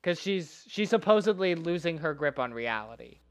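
A man's voice: a little high, expressive. A man co-hosting a podcast, chiming in with laughs during casual movie talk. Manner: laughing, quick to chime in. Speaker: podcast co-host. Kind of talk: casual movie-review chat.

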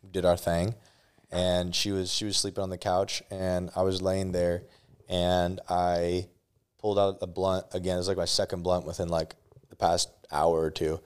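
A young man, a podcast guest, telling a candid personal story in casual talk, swearing freely and restarting his sentences. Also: sits low.

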